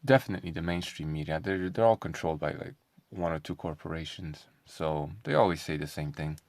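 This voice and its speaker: A man's voice: rumbling low, brisk, dry recording. A man talking in a casual commentary vlog, sarcastic and combative, firing off rhetorical questions. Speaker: online commentator.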